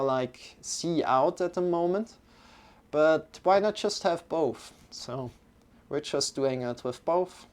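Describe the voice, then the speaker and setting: Slow, hesitant male yoga teacher. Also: medium pitch, smooth. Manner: rambling, hesitant, many restarts and fillers. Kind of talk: live-streamed yoga class talk.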